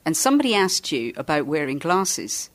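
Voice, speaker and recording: A woman's voice: sits low, big pitch swings. A woman hosting a podcast interview in a chatty, enthusiastic way. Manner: chatty, enthusiastic, quick to laugh. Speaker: podcast host. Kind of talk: casual interview.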